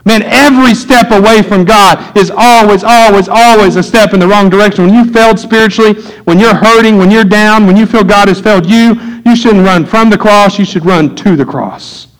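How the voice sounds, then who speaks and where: A man's voice: high voice, moderate pace, few pauses, poor audio. A man, a pastor, preaching a conversational sermon, acting out little voices and asides.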